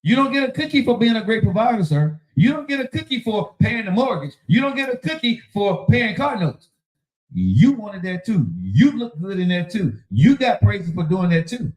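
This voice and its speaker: A man's voice: sits high, sing-song, moderate pace, reverberant, poor audio. A man hosting a casual relationship talk show, preaching in an emphatic, slangy way. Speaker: podcast host.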